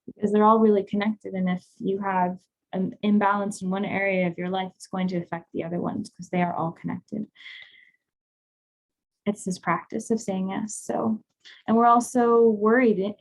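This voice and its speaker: A woman's voice: mid-range voice, fairly even intonation, normal speed, gravelly, low-quality recording. A woman leading an intimacy class from home, talking frankly and casually. She laughs easily as she explains and guides the listeners through breathing. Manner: candid, laughing, conversational. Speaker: sex and intimacy coach.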